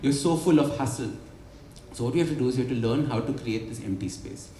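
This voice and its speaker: At a book launch in an event hall, a man who writes and coaches on habits lays out his ideas for the audience, throwing in rhetorical "right?" questions. His mid-range voice is fast and mellow. The echoey hall adds light ambience and slight background noise.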